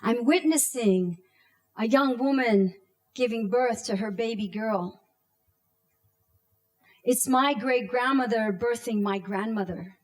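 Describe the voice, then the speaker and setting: A woman in her thirties tells a personal story with a slow, deliberate pace. Her voice sits fairly high, and she leans into dramatic pauses and acted-out cries. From Canada.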